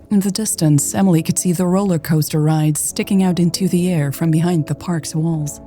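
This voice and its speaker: A woman narrating a romance story in a steady, unhurried scripted reading. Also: low-pitched. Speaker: audiobook narrator.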